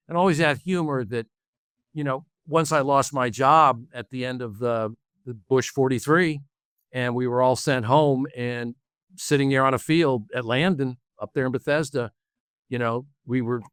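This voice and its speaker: A man's voice: medium pitch, clean tone, dry recording, clean studio sound. A middle-aged man speaking as an author and guest in an interview, earnest and listing examples. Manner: earnest, lists examples, quick laughs. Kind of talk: interview conversation.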